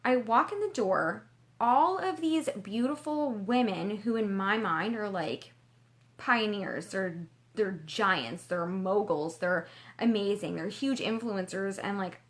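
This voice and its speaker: A young Canadian woman with a medium-pitched voice tells her vlog viewers a personal story, taking it slowly. She's chatty and gushing, filling her casual storytelling with lots of "like."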